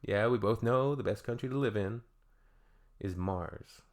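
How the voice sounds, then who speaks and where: A man's voice: on the low side, unhurried. A Canadian man hosting a reaction video, reading comments aloud and adding dry, joking asides in a casual tone.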